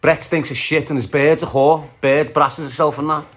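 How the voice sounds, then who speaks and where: A man's voice: on the high side, fairly even intonation, normal speed, faint music behind. Brash Scouse man ranting on a livestream. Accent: Liverpool Scouse. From Liverpool, England. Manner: aggressive, profane, trash-talking while greeting viewers. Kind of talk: casual livestream rant.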